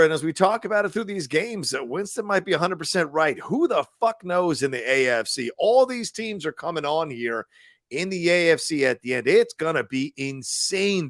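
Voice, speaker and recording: Podcast co-host, male, lively, sweary sports talk, dry close mic. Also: on the high side, no echo. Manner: animated, profane, laughs often.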